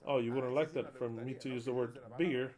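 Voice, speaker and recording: A man speaks in an unscripted live session, answering viewer comments as a minister. He is blunt and emphatic, hammering points by repeating words and throwing in the odd curse. His voice sits in an ordinary middle pitch. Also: steady tone, fairly quick, a crowd in the background. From Argentina.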